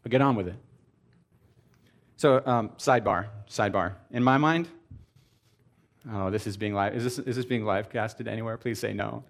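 A man giving a comedic sermon to a live audience, animated and sarcastic, jumping between loud exclamations and mumbled asides. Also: on the low side, moderate pace, pauses often.

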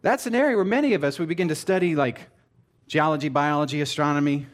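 This is a man preaching to a live crowd and playing it for laughs. His voice sits fairly high, and he swings from loud, sarcastic exclamations to quiet, muttered asides. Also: fast talker. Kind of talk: comedic sermon talk to a live audience.

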